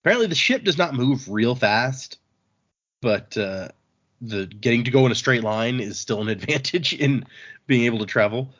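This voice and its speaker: A man's voice: mid-range voice, animated, moderate pace, fairly bright tone, lo-fi sound. Man casually recapping chapters. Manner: rambling summary with paraphrased quotes and chuckles. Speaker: podcast host.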